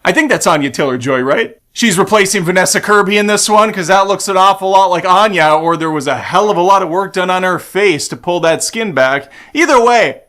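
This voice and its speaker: High-voiced, sarcastic man. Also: expressive, brisk, few pauses, bright, forceful tone. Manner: sarcastic and snarky, swears freely. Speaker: movie trailer reaction host. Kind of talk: casual reaction commentary.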